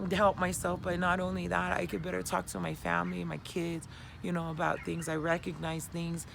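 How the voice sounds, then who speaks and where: A middle-aged woman talking candidly and casually to the camera outdoors, sharing coping skills in an animated way and swearing now and then. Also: mid-range voice, vocal fry, slight background noise.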